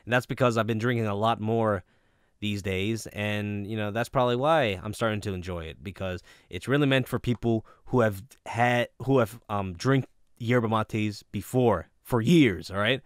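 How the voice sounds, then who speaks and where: A man's voice: fairly low pitch, normal speed, smooth, no room sound, studio quality. A man casually reviewing a product, rambling with many fillers and restarts.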